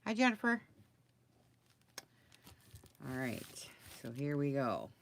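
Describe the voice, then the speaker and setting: A woman's voice: a bass voice, big pitch swings, slow pace, slight background noise. A woman crafter talking casually through her project, muttering to herself and getting flustered. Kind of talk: casual crafting video talk.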